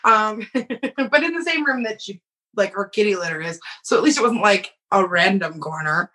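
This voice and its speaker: A woman's voice: medium pitch, animated, normal speed, pushed and bright, slight background noise. A woman in her thirties telling a story in casual chat, laughing often as she goes.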